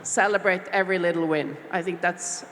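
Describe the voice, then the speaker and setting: A middle-aged woman from Norway, speaking on a panel as a small business owner, heartfelt and reflective with many pauses and fillers. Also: fairly low pitch, steady tone, a bit bright. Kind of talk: panel discussion talk. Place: large expo hall stage. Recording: long hall reverb with faint background noise.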